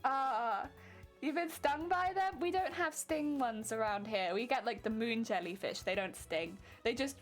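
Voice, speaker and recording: Young british woman streaming, chatty and giggly, high voice, faint music behind. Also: measured pace. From Britain. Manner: giggly, chatty, laughs often. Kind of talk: casual live-stream chat while crafting.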